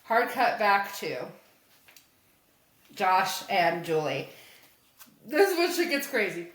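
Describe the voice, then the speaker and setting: A woman's voice: mid-range voice, slow pace. A woman co-hosting a podcast, casually recapping a comic story, acting out the characters' lines and swearing as she goes. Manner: animated retelling, acting out lines in quotes, swearing. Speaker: podcast co-host. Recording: echoey room.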